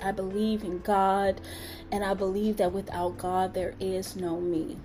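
A woman hosting a podcast, telling personal stories in a casual, animated way with playful asides. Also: medium pitch, measured pace, faint music behind. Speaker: podcast host.

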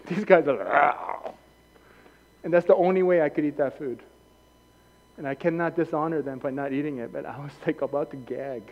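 High-voiced pastor, booming in a hall. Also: male voice. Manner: swings from quiet storytelling to shouted passion. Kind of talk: sermon. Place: church hall. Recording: dull, long-echo church sanctuary.

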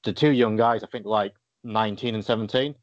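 A man with a fairly low voice hosts a casual interview in an easygoing style. He leans on fillers. His audio is dry and a little dull, like a lo-fi recording. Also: fairly quick, dry recording.

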